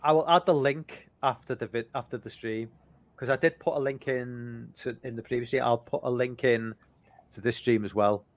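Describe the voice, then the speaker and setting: A man's voice: medium pitch, fairly even intonation, moderate pace, no echo. A man co-hosting a casual movie chat stream, rambling and swearing freely with lots of restarts. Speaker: podcast co-host.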